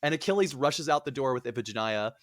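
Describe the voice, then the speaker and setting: A man's voice: mid-range voice, animated, fast, no room sound. Casual man retelling a myth, dry sound. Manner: casual, rambling with fillers. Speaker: podcast host. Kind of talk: comic storytelling.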